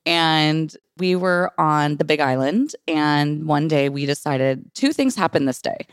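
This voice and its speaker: A woman's voice: deep voice, expressive, measured pace, clear, resonant tone, no echo, studio quality. A woman hosting a podcast, chatting casually and laughing as she draws out her guest's stories. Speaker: podcast host. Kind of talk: casual interview chat.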